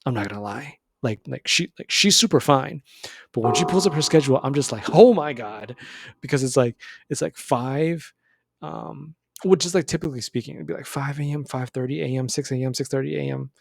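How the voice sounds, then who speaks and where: Gravelly young man giving pep talk. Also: medium pitch, fairly quick, no echo. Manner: rambling, animated, self-correcting, calls listener "bro". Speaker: self-improvement video host. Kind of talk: casual motivational talk.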